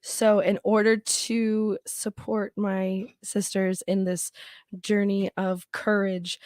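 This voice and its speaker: A woman playing a character in a comedy tabletop game, describing her moves slowly and dreamily. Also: medium pitch, level tone, a little mellow, no echo, studio quality. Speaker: player. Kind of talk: tabletop game role-play.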